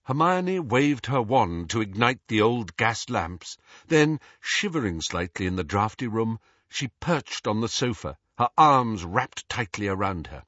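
A man reading a story aloud in an expressive, measured storytelling manner. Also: fairly low pitch, no echo. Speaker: audiobook narrator. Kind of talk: scripted narration. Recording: dull lo-fi audio.

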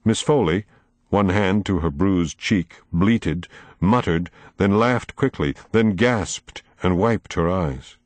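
A man narrating an audiobook in a dramatic, measured storytelling manner, close to the mic. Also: low-pitched, no room sound.

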